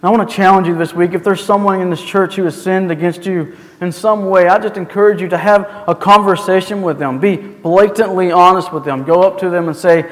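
A man's voice: high voice, fairly even intonation, fairly quick, few pauses. A male pastor delivering a sermon in a church, earnest and full of rhetorical questions. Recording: long hall reverb.

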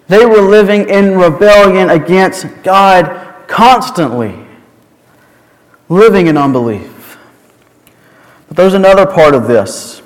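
Casting: a high-voiced male preacher, unhurried and emphatic, in a reverberant hall. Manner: storytelling, emphatic. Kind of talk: sermon.

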